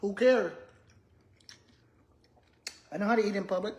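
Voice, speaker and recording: A woman's voice: mid-range voice, unhurried, a little mellow, muffled recording. A woman, a retired school principal chatting casually to viewers while eating, often humming and murmuring between bites. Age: 60s. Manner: chatty, addresses viewers as y'all, hums and murmurs while chewing.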